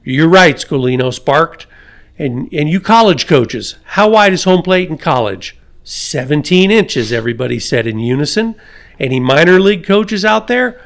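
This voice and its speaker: A man's voice: a little high, expressive, moderate pace, vocal fry. A man hosting a podcast, reading a story aloud with his own asides and chuckles. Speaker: podcast host.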